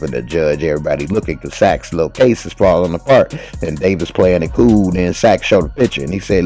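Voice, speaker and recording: A man with a very low voice recaps a TV episode in a loose, slangy way. He tells the story with animation and jumps into the characters' lines. Faint music plays in the background. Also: a little fast, mellow. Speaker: TV recap host.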